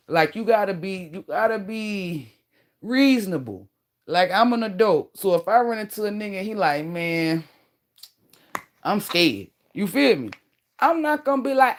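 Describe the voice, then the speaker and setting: A woman in her thirties talks directly to her viewers in a casual advice monologue. Her delivery is blunt and animated, full of slang and casual swearing. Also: mid-range voice, normal speed. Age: 30s. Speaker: vlogger giving relationship advice.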